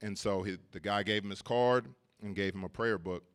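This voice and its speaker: A man's voice: on the low side, fairly even intonation, moderate pace, clear, resonant tone. A man preaching at a church service, telling a personal story in a casual way, laughing often and repeating words as he goes.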